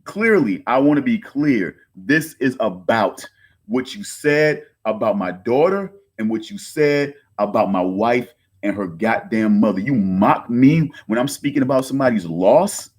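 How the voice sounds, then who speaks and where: A man in his thirties ranting to camera in an agitated, swearing voice. His words pile up in repeated restarts, and his pitch jumps sharply upward whenever he gets worked up. The pitch of his voice sits in the middle range for a man. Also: lively intonation, a little slow, darkish tone. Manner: agitated, swearing, repeats himself, pitch swings high when angry; addresses viewers as folks. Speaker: online content creator. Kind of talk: heated direct-to-camera rant.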